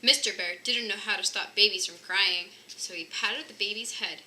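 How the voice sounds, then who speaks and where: A woman's voice: medium pitch, normal speed, a little hiss or hum. A woman reading a children's picture book aloud, lifting her voice for the characters' lines. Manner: lively, lifting voices for the bear cubs' lines. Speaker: storybook reader.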